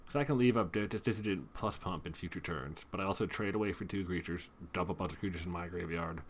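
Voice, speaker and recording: A man's voice: sits low, fast talker. A man giving casual commentary over a card game he is playing, groaning at bad draws and making self-mocking jokes. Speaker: gaming video host.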